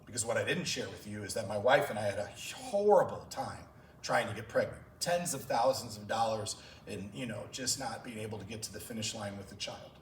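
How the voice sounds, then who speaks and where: A man's voice: on the low side, fairly quick, a little hiss or hum. Emotional male coach telling stories. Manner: emotional storytelling. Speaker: track and field coach. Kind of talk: conference talk. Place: clinic session room. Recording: roomy hall from a distance.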